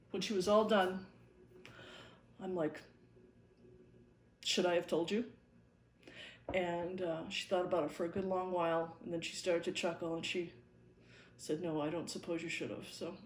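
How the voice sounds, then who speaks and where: Wry, easygoing woman in an echoey room. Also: on the low side. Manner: easygoing anecdotal telling, wry and chuckling. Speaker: fly-tying video host and former fishing guide. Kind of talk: casual storytelling while tying flies. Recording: echoey room with faint noise.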